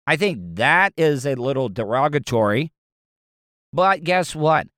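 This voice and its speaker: Southern talk radio host, male, somewhat high smooth voice, blunt and rambling, dry studio sound. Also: very animated, a little slow, fairly bright tone, no echo. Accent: Southern American. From American South. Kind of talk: opinionated talk radio monologue.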